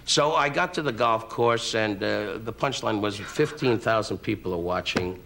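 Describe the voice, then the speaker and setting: A man, a comedian guest on a talk show, telling an insult-comedy anecdote with rapid, needling jabs, heard on noisy old TV broadcast audio. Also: fairly low pitch, creaky.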